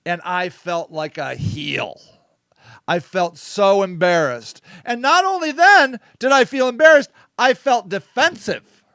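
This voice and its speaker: Host type: blunt man who swears, fairly high and smooth voice, dry close sound. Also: lively intonation, unhurried, pushed and bright, no echo. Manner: blunt, swears, repeats "okay?". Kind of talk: casual live-stream monologue.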